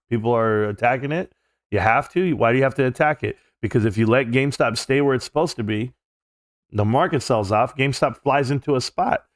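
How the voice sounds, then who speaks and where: A man's voice: mid-range voice, no room sound, clean studio sound. A man hosting a live stream, casually chatting and reading viewer comments aloud in loose, profane slang.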